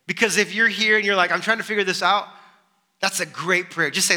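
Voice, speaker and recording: Guy preaching, really bright voice, keeps asking questions back at you. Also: high voice, fairly quick. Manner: animated, asks rhetorical questions. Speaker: pastor. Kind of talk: sermon.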